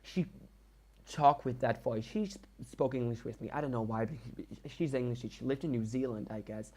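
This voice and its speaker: A man's voice: medium pitch, warm tone. Rambling young man, Dutch accent. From Netherlands. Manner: rambling, self-deprecating, halting restarts. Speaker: game builder. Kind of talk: casual storytelling voiceover.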